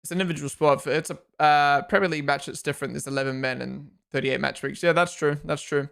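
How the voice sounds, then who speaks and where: Kiwi guy in his 20s on a livestream, bit gravelly and a touch high, reading out chat and riffing back. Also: steady tone, fast, fairly bright tone. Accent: New Zealand. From New Zealand. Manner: chatty, reads viewer comments aloud and answers them. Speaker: livestream host. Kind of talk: casual live-stream chat.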